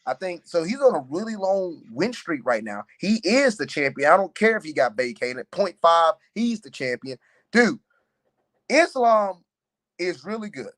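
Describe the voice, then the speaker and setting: Animated young man telling fight stories. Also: sits high, measured pace. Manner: animated storyteller, many fillers like "man" and "you know". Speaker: fighter and podcast guest. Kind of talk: casual podcast chat.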